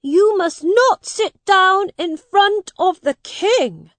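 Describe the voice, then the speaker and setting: Woman reader voicing a regal young boy prince: high, loud, haughty, slow and deliberate, close dry read. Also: animated, no echo, exaggerated voice. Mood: imperious. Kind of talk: storybook reading.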